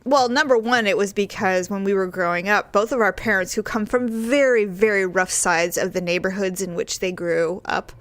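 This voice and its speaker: A middle-aged woman co-hosting a podcast, chatting casually and acting out quoted voices in an animated way. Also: medium pitch, normal speed, few pauses, no echo. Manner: animated storyteller, acts out quoted voices with big jumps. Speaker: podcast co-host. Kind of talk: casual chat.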